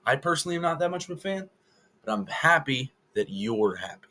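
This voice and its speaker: A man's voice: on the high side, lively intonation, fairly quick, pushed and bright. A man giving casual opinion commentary to the camera, rambling and correcting himself as he goes. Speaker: wrestling video creator.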